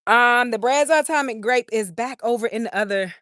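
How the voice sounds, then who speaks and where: A woman's voice: fairly high pitch, normal speed, a bit bright, dry recording, clean studio sound. A woman hosting a live garden tour, chatting casually and reading viewer comments. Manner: chatty, laughs often, talks to viewers as y'all. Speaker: garden channel host doing a live stream. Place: outdoor urban garden.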